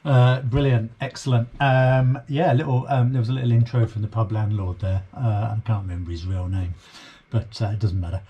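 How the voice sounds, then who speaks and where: A man's voice: lowish voice, steady tone, fairly quick, breathy edge, muffled recording. A British man hosting a reaction video, chatting casually in a hesitant way, full of ums and trailing asides. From Britain. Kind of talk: casual chat.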